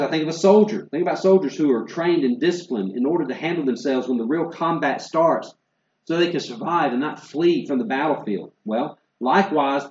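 A man pastor preaching an earnest sermon, building to emphatic lists and dropping to quiet asides. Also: medium pitch. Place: church sanctuary. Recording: roomy, slightly dull church sound.

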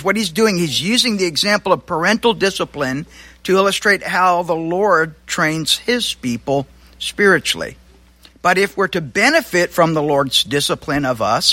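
A male pastor preaching a sermon in a conversational way, with asides and quick self-corrections. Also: fairly high pitch, bright, forceful tone, no room sound.

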